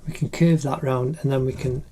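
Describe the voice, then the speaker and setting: A man's voice: medium pitch, steady tone, brisk, dark tone, slightly rough. Chatty, encouraging middle-aged man. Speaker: art teacher. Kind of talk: narrated drawing tutorial.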